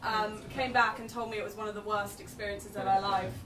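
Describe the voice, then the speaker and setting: A woman's voice: mid-range voice, flat delivery, brisk. A young woman performing spoken word poetry live, with wry, self-deprecating chatter between poems. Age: young adult. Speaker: poet. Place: live event venue. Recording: echoey room, distant mic, venue noise.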